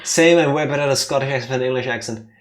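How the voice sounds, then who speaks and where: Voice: mid-range voice, very fast. A host teasing the co-host and laughing often during a let's play, with game music faint behind.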